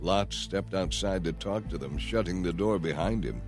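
A man giving a steady, measured scripted narration of a Bible story. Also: sits low, music in the background. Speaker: scripture reader.

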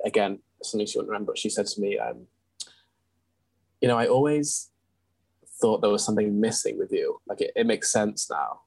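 A young man speaks with a low, slightly husky voice. He tells a personal story earnestly and candidly as an interview guest, with ums and restarts along the way. The recording is dry and close, with no room sound. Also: darkish tone, no room sound, low-quality recording. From England.

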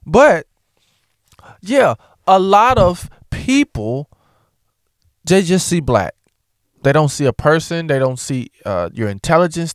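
A man's voice: fairly high pitch, no echo, clean studio sound. A man talking casually and outspokenly to the camera, mixing jokes with blunt opinions. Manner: animated, joking, outspoken. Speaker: vlogger.

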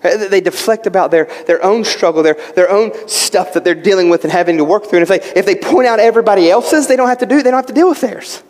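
A man's voice: high-pitched, fast talker, hardly any pauses, darkish tone. A man preaching a sermon as pastor, impassioned, repeating words and asking rhetorical questions. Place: church sanctuary. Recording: long reverb of a large hall.

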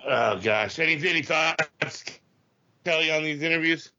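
Very bright-voiced podcast man. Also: a little high, a little slow. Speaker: podcast co-host. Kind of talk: casual chat. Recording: dull lo-fi audio.

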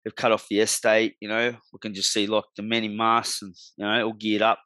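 A man's voice: fairly low pitch, flat delivery, a little fast, pushed and bright, dry recording. An Australian man in his forties, a guest telling his life story bluntly in slangy, swear-heavy talk. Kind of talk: candid storytelling in a podcast interview.

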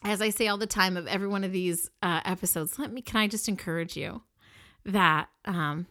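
A woman with a bright, crisp voice hosts a podcast and tells a personal story close to her microphone. She speaks expressively and with emphasis, laughing often and restarting her sentences as she goes. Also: mid-range voice, a little fast. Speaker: podcast host.

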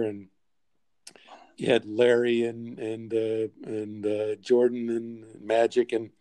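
An older man in his sixties, a podcast guest telling lively anecdotes with frequent chuckles. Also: mid-range voice, no echo. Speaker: podcast guest, sports executive. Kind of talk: storytelling interview.

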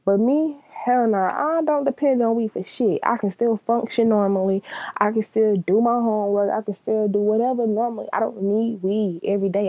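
A woman's voice: medium pitch, creaky, no echo, phone-quality sound. A young woman giving a blunt, profane, casual monologue, laughing often.

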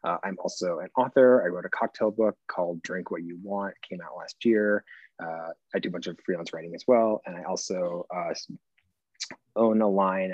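Man, very deep voice, podcast guest, easygoing, dull lo-fi audio. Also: a little mellow, breathy edge, no room sound. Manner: easygoing, laughs at himself. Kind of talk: casual interview chat.

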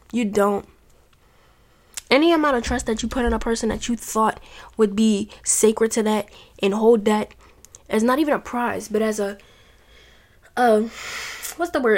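Earnest woman giving heartfelt advice. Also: on the high side. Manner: earnest, heartfelt, rambling with restarts. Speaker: podcast host. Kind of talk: casual advice talk. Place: home with family noise nearby.

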